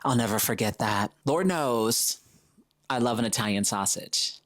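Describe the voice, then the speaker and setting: A man's voice: mid-range voice, measured pace, a bit bright. A man hosting his own podcast alone, talking casually and playfully, dropping into comic voices when he quotes people. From Florida. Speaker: podcast host. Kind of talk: solo podcast monologue.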